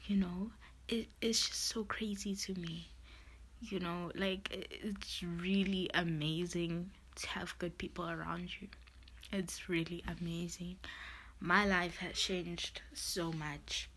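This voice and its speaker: A woman speaks slowly and softly in a husky, breathy voice that sits a little low for a woman. She is close to tears as she opens up in a personal podcast monologue. Her talk is full of "you know" and "literally". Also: fairly even intonation. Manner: tearful, heartfelt, many fillers like "you know" and "literally". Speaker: podcast host.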